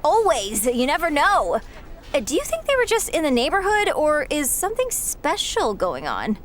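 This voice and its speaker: A woman's voice: sits high, wildly swooping pitch, normal speed, soft background music. A woman voicing a giddy young female wrestling trainee and superfan in a video game, talking in a gushing, breathless way. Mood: excited.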